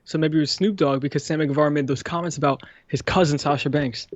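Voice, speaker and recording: A man co-hosting a wrestling podcast, talking excitedly and spinning gossipy theories in a casual chat. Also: a little high, quick pace, no echo, highs cut off. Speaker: podcast co-host.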